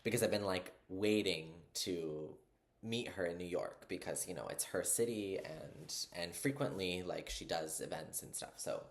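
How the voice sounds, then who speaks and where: A young man telling a story in a casual, excited, rambling way, full of fillers. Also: sits low, measured pace, creaky. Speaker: vlogger.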